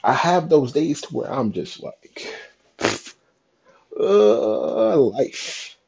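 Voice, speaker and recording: Slow gravelly man, raw and cursing. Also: medium pitch, lively intonation, a little mellow. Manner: raw, cursing, emotional, halting. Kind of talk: confessional monologue. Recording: dull lo-fi sound.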